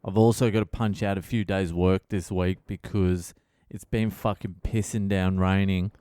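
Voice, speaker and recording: Australian male comedian, middle-aged, sweary wry rant, smooth clear voice, dry close sound. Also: deep voice, steady tone, normal speed, dark tone, no echo. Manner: profane, ranting, wry. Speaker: comedian and podcast host. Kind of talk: casual podcast monologue.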